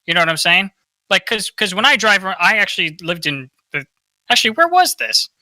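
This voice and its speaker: Male podcast co-host, bright tense tone, blunt opinions, dry mic. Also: high-pitched, expressive, a little fast, no echo, low-quality recording. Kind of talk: casual commentary over video clips.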